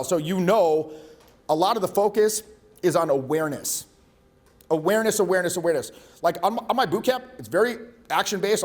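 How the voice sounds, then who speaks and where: A man coaching a live workshop on voice and presence, talking bluntly and casually, with frequent swearing. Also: on the high side. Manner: blunt, profane, conversational.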